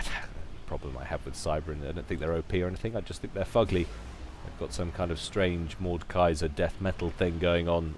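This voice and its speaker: A man with a very low voice runs a relaxed, chatty commentary over a strategy game match. He jokes at his own expense as he goes. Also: a little hiss or hum. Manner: chatty, joking, self-deprecating. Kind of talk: casual video game commentary.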